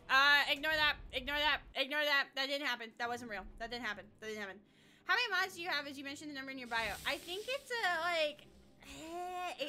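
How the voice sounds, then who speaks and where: A woman's voice: high-pitched, sharp tone. A young American woman streaming a game and chatting casually, giggly and blunt, swearing freely. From United States. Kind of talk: casual gaming livestream chat.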